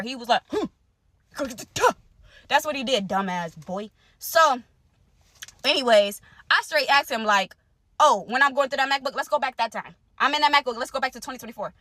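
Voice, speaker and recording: Young woman, casual storytime, bright and lively, close dry phone sound. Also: no room sound. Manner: animated, conversational, swings between loud exclaims and low asides. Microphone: phone close to the face.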